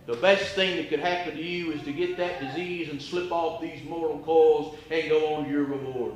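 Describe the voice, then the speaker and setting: A man preaching an impassioned sermon in a church, firing rhetorical questions and swinging from hushed tones to near-shouts. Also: a little high, steady tone, moderate pace. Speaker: evangelist preacher. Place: church auditorium. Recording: echoey church room with faint ambience.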